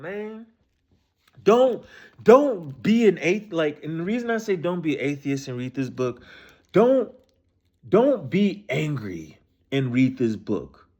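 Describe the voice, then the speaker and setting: A man, ranting casually about scripture in a profane, animated way, full of repeated rhetorical questions. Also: high-pitched. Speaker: streamer discussing scripture.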